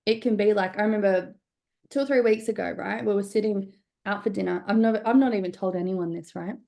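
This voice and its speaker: A woman's voice: medium pitch, steady tone, quick pace, gravelly, warm tone. A woman teaching a live business workshop in a conversational, candid way, often checking in with "right?". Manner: conversational, frequent "right?" check-ins, casual swearing. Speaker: business coach.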